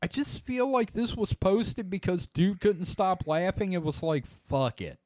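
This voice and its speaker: A man's voice: high-pitched, measured pace, no echo. A man with a Southern US accent hosting a podcast, reading a story aloud and joking with his co-hosts. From southern United States. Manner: animated, joking. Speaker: podcast host.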